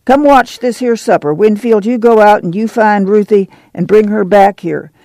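A man's voice: high-pitched, normal speed, vocal fry, a little mellow, no room sound, voice pushed up. A man doing Ma, a weary, firm migrant mother.

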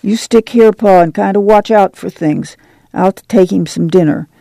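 A man's voice: high voice, moderate pace, vocal fry, mellow, dry recording. A man doing Ma, a weary, firm migrant mother.

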